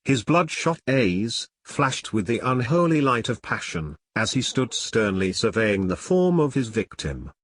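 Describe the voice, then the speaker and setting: A man narrating an old novel as an audiobook in a steady, measured way. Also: medium pitch.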